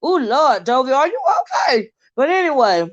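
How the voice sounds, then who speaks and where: A woman's voice: high-pitched, moderate pace. A woman hosting a casual livestream, chatting about online drama with lots of asides to her viewers. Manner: chatty, animated, drawling asides. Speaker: YouTube commentary host. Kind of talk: casual livestream gossip commentary. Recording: dull lo-fi livestream audio.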